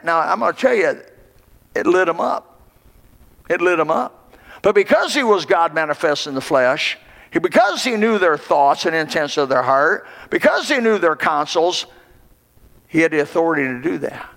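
A man's voice: a little high, animated, normal speed, creaky, fairly bright tone, long reverb tail. A man preaching a sermon in a church, with impassioned, rising and falling emphasis. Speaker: pastor. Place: church sanctuary.

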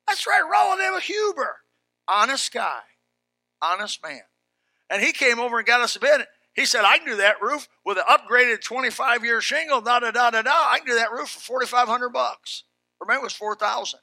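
A middle-aged pastor preaching a sermon, telling folksy stories with animated rises and shouts. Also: male voice, very high voice, brisk, no echo.

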